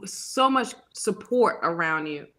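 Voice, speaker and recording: A woman reading tarot and hosting a casual live chat, lively and laughing often, sniffly with a cold. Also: medium pitch, a little slow. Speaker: tarot reader and show host.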